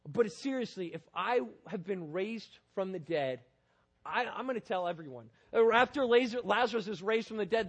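A man preaching a sermon, earnest, moving between loud urgent appeals and quiet, hushed prayer. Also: high-pitched, lo-fi sound. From Northern Virginia, USA.

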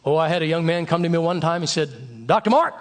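A man voicing an old male Bible teacher with a deep voice, a Southern US accent and a folksy, earnest way of telling stories. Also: expressive, fast, close to an everyday voice.

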